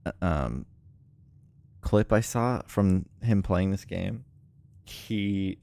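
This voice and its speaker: A man's voice: on the low side, darkish tone, clear, resonant tone. A man livestreaming a puzzle game, chatting casually and rambling with lots of ums and frequent laughs. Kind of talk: casual live-stream chat.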